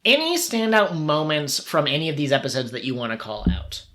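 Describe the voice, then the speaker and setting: A man's voice: a little high, big pitch swings, fairly quick, a bit bright. A man co-hosting a podcast in casual chat, wry and joking, often agreeing with his partner. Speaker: podcast co-host.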